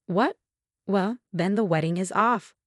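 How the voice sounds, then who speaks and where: A spoiled haughty young sister. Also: female voice, lively intonation, normal speed, darkish tone, no room sound, clean studio sound. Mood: pleading. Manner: shrill, pleading.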